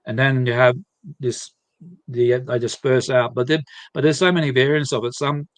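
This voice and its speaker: A man speaking as a guest at a live seminar, explaining in halting phrases with frequent restarts. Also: mid-range voice, steady tone, dry recording. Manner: halting, many restarts and repeated words.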